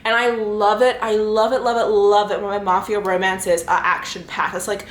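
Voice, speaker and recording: A woman's voice: medium pitch, level tone, normal speed. Gushing young woman book vlogger. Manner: gushing, effusive, many fillers. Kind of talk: casual reading vlog chat.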